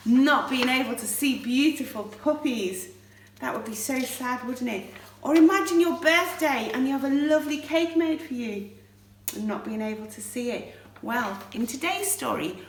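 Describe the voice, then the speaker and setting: A woman telling a Bible story to pre-school children, animated and often asking them questions, recorded from a distant mic in a roomy space. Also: high voice, a little hiss or hum. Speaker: children's church leader.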